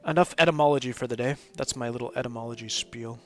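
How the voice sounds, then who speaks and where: A fast-talking man with a mid-range voice hosts a live gaming stream, giving casual, rambling commentary punctuated by frequent laughter.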